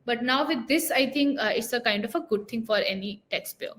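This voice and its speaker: A woman with an Indian English accent works through tax rules point by point in a somewhat high voice. She speaks as an expert explainer and keeps checking in with her listeners, tagging her points with a questioning "right?". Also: fairly quick, a bit bright. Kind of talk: explanatory talk.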